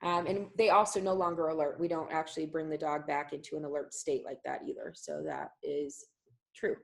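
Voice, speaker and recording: A woman's voice: low voice, lively intonation, fairly quick, low-quality recording. A woman dog trainer explaining a method in a live online class, talking loosely with many fillers.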